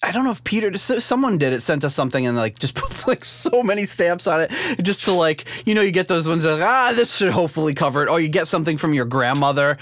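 A man's voice: a little high, expressive, fast talker, few pauses, fairly bright tone, no room sound. A man hosting a casual podcast live stream, rambling with lots of fillers and laughing easily, recorded at home. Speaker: podcast host. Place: home room with a CD rack.

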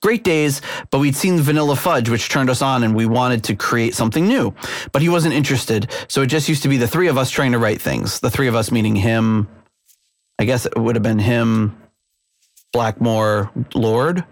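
A man's voice: medium pitch, moderate pace, no echo. A man hosting a podcast, casually reading band history aloud with fillers and asides. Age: middle-aged or older. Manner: reads quotes aloud with fillers and laughs. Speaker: podcast host.

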